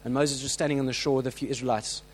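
A man preaching a sermon, telling stories with lively acted-out voices and frequent restarts. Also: mid-range voice, rapid-fire, low-quality recording. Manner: animated storytelling, acts out quoted voices; many restarts and filler words.

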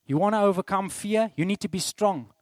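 A middle-aged South African man delivers a sermon in a slightly high voice. He swings between loud, emphatic declarations and hushed asides. The sound is dry, with little room echo. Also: fairly quick. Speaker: pastor.

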